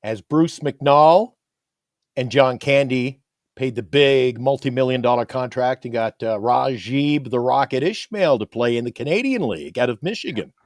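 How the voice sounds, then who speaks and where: A man co-hosting a sports talk show, telling stories in a casual, excitable way. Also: mid-range voice, normal speed, dry recording, clean studio sound. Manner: animated storyteller, excitable.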